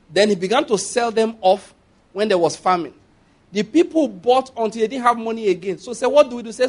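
A man with a Nigerian accent preaching a sermon in a conversational way, asking the congregation for responses and laughing at his own asides. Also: high voice.

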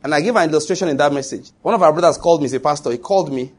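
Male preacher, middle-aged, emphatic, higher voice with a husky edge. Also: racing. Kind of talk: sermon.

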